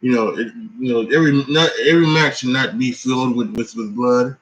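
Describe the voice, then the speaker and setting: A man's voice: medium pitch, fairly even intonation, a little fast, rough recording. Man, tired, rambling, lots of fillers, casual wrestling reaction, mid-range voice. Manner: rambling, many restarts and fillers. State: tired, yawning. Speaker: wrestling commentator.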